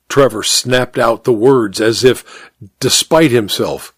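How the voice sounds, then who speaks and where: A man narrating a story in an expressive, measured audiobook reading. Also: lowish voice, breathy edge, dry recording.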